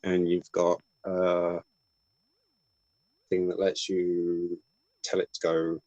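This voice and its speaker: Low man on a video call, dry sound, hesitant explainer. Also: completely flat delivery, takes it slowly, a little mellow, no echo, muffled recording. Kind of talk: casual video-call chat.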